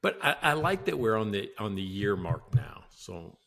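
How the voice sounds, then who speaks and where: A man's voice: lowish voice, very animated, normal speed, creaky, a bit bright. A man co-hosting a casual business podcast, joking and laughing often as he talks. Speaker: podcast co-host.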